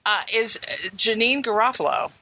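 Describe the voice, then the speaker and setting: A woman's voice: fairly high pitch, expressive, normal speed, sharp tone, poor audio. A woman co-hosting a casual podcast about a movie, chatty and enthusiastic, often repeating herself. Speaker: podcast co-host.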